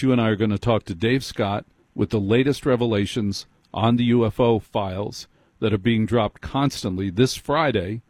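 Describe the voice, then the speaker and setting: A man's voice: mid-range voice, darkish tone, no room sound. Man, radio talk host, wry, teasing, dry studio sound. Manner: wry, teasing, interrupts callers. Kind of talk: late-night call-in radio. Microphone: studio microphone.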